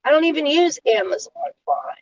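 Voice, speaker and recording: A woman vlogging a casual monologue, airing grievances in an indignant rant that stops and restarts in halting pauses. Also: high-pitched, expressive, muffled recording, slight background noise.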